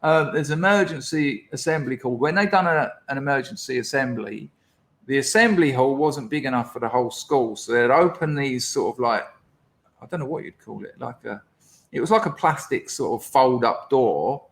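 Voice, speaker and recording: A man as a podcast guest, telling a lively school anecdote in casual chat, laughing as he goes. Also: medium pitch, moderate pace. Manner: animated, laughing anecdote teller.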